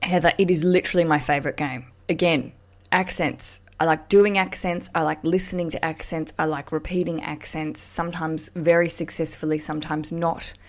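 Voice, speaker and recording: A woman hosts a podcast in a loose, casual way, teasing callers and wandering into chatty tangents. Her voice sits a little low. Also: steady tone, moderate pace. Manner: playful, teasing, chatty asides. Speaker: podcast host.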